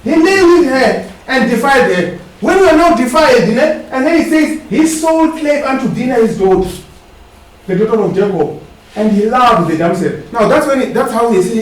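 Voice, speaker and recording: A man's voice: very high-pitched, lively intonation, a little fast. A man preaching a sermon. He tags his lines with questioning asides and asks the congregation to finish his sentences. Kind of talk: sermon with call-and-response. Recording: echoey hall, distant mic, faint hiss.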